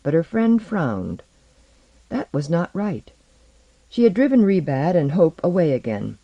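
An audiobook narrator reading fantasy prose in a measured, dramatic way. The voice sits in the middle range. It is recorded very dry and close, with no room sound. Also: medium pitch, very animated, warm tone, dry recording, highs cut off. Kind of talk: scripted narration.

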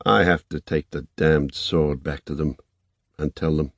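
A man voicing a worn-out, despairing young man who speaks softly and haltingly, in audiobook narration. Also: rumbling low, fairly even intonation, no echo, heavily acted. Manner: soft, halting, under the breath.

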